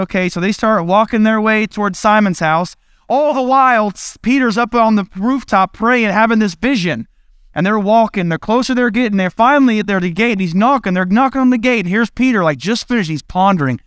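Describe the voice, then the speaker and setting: High-voiced man preaching casually. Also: brisk, fairly bright tone, clean tone, dry recording, studio quality. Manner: conversational, playful, laughs at his own retellings. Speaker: pastor. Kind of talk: casual sermon with acted-out Bible scenes.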